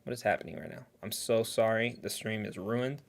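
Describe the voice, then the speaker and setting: A man's voice: fairly low pitch, fairly quick, vocal fry. A man hosting a casual livestream reaction who rambles in a chatty way and talks while eating.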